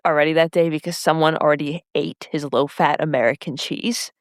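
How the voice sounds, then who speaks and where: A woman's voice: deep voice, fairly even intonation, a little fast, no room sound, clean studio sound. A woman co-hosting a podcast, casually recapping a TV episode and often laughing as she quotes the characters. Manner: retells scenes quoting characters, laughs often. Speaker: podcast co-host.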